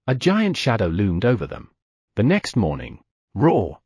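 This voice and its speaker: A man narrating an audiobook in a lively storytelling manner, voicing the sound effects. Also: lowish voice, normal speed, husky, dry recording, clean studio sound. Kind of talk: scripted narration.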